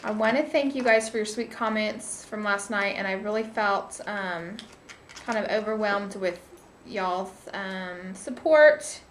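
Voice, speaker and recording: A woman's voice: medium pitch, steady tone, unhurried, fairly bright tone. Woman, casual vlog co-host, chatty with fillers; roomy echo, faint noise. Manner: chatty, with frequent ums. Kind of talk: casual chat. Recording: echoey room, faint noise.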